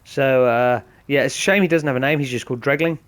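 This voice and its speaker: A man's voice: medium pitch, fast, smooth. A man commenting casually on a game, explaining each step to viewers in a chatty way. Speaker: gaming host. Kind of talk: casual let's-play commentary.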